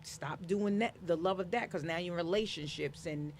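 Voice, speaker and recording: A woman author in an interview, speaking in an animated, emphatic, motivational way and acting out the voices she quotes. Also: lowish voice, moderate pace, a little hiss or hum. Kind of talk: casual interview conversation.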